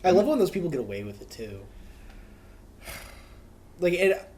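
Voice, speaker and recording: A man's voice: high-pitched, sing-song, normal speed, warm tone, a little hiss or hum. Rambling young man chatting casually. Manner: rambling, filler-heavy storytelling with laughs. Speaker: podcast co-host. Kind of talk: casual chat.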